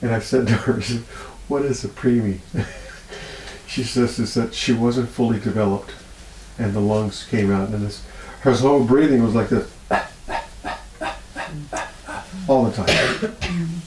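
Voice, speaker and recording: A man's voice: moderate pace, roomy sound, rough recording. A man being interviewed as a healer, telling stories with much feeling and laughing often. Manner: animated storyteller, laughs often, voice rises high when moved. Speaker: healer guest. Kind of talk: storytelling interview.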